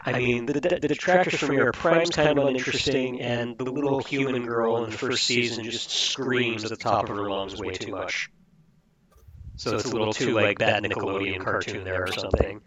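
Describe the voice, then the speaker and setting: A man's voice: mid-range voice, steady tone, fairly quick. Opinionated man over crowd noise. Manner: opinionated, reviewing in detail. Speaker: podcast co-host. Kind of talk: casual chat.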